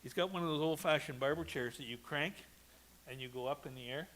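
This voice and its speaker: Bright-voiced man telling a eulogy story. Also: fairly high pitch, a little fast. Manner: chatty anecdotes, laughing along. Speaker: eulogist, brother of the deceased.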